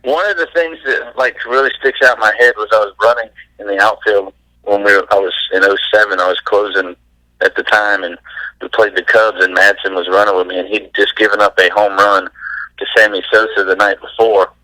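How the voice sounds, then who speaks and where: A man, a former baseball pitcher, telling stories as a guest in a casual interview, laid-back and laughing as he goes. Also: steady tone, fairly quick, bright, forceful tone, no room sound, rough recording.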